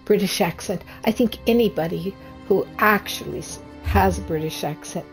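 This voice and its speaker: A woman streaming a video game, giving casual, unhurried commentary and thinking aloud. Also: mid-range voice, faint music behind.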